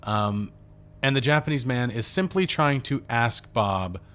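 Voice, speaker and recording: A man's voice: medium pitch, lively intonation, a little slow, a bit bright. A man co-hosting a podcast, talking through a film in a rambling, casual way with the odd curse. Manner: rambling, conversational, profane asides. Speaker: podcast co-host.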